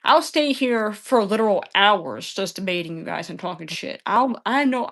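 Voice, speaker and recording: In a heated livestream argument, a woman debater scolds her chat with combative, profane language and repeats the same phrases over and over. Her mid-range voice is animated and a bit bright, with vocal fry, at a moderate pace.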